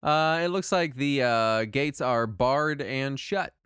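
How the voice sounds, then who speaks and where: A man running a tabletop game as game master, narrating in a relaxed way with plenty of fillers and easy laughter. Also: mid-range voice, slow pace, clean tone, dry recording, clean studio sound.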